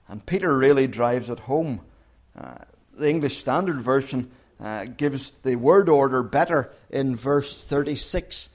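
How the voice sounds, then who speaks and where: A man preaches a sermon with an animated voice at a measured pace. He dramatically acts out the words of the crowd and of Peter, his pitch rising and falling in big swings.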